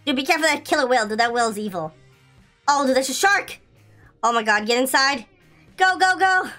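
Young woman, game commentary, very high and bouncy voice, bright tone, giggly, faint music behind. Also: a little fast. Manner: excitable, giggly, exclamatory. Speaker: gaming channel host.

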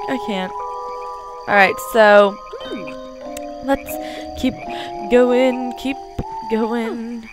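A woman's voice: fairly high pitch, fairly even intonation, very slow, long pauses, music in the background. A woman rambling and giggling as she comments on her video game play. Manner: chatty and rambling, giggles often. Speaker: let's play gamer.

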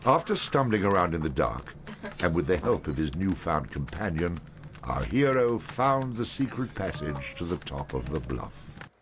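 An actor narrating a fantasy video game in a slow, solemn storytelling manner. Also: male voice, deep voice, big pitch swings, a little hiss or hum.

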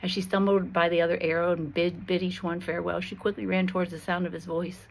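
A woman reading a Christian allegory aloud in a slow, expressive and dramatic way. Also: lowish voice, gravelly, low-quality recording. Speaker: storyteller.

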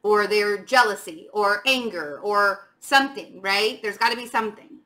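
Bright-voiced woman giving a tarot reading. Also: mid-range voice, moderate pace. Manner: chatty, frank and emphatic. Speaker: tarot reader. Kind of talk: casual tarot reading to camera.

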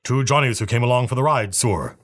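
A man reading aloud voices a tall, weathered desert worker with old-fashioned, plain speech, in his own husky voice. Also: medium pitch, a little fast, close to an everyday voice.

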